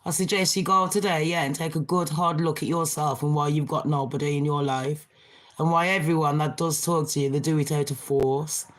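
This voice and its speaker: A woman's voice: low-pitched, fairly even intonation, a little fast. Chatty woman with a Birmingham-Jamaican accent. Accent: Birmingham English with a Jamaican touch. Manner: chatty, laughs often, answers comments. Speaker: livestream host reading chat. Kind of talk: casual livestream chat.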